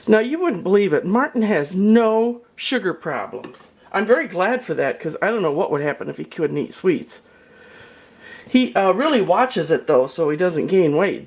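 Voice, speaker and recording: An older woman giving a chatty, folksy cooking demonstration in her home kitchen, with storytelling asides. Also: medium pitch. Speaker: home cook.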